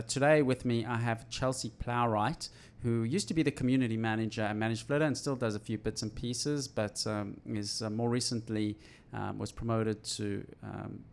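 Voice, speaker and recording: A man hosts a casual tech podcast from an office, his voice gravelly with fry. He rambles, restarts sentences and fills pauses with ums. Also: mid-range voice. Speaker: podcast host.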